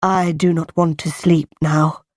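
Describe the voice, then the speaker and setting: A brooding gentleman speaks in measured, firm tones, read by a woman narrator. The lines come low and slow in a storybook reading for learners, close to a dry mic. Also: little pitch movement, no room sound. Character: brooding gentleman of the house, man, middle-aged.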